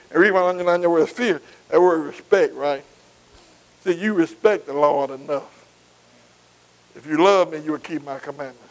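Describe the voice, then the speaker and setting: A man's voice: high voice, low-quality recording. A man. He repeats himself for emphasis and keeps asking the congregation to finish his lines and say they're with him. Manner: call-and-response, asking the congregation to answer; repetitive, emphatic preaching. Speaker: preacher. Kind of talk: sermon.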